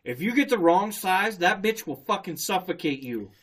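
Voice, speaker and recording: A man's voice: sits high, moderate pace. A man in casual chat, telling a story with heavy swearing and frequent laughter. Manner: profane animated storyteller, laughs often.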